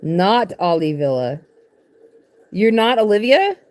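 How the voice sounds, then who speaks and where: A woman's voice: medium pitch, big pitch swings, takes it slowly, darkish tone. A woman streaming live from a tent, rambling irreverently in a casual, swearing comic chat. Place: in a tent, sitting on her bed.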